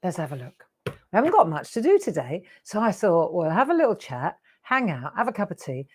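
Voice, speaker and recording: A woman's voice: on the low side, very animated, brisk, darkish tone, breathy edge. A woman in her sixties hosting a live craft show, chatty and rambling with laughing asides. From England. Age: 60s. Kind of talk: live craft demo chat.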